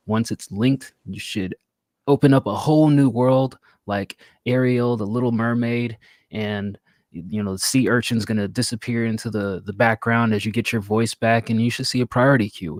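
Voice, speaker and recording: Guy hosting a stream show, lowish voice, dry close sound, rambly and jokey. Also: a little mellow, no echo. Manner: playful, explains things at length. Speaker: podcast host. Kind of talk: casual live-stream chat.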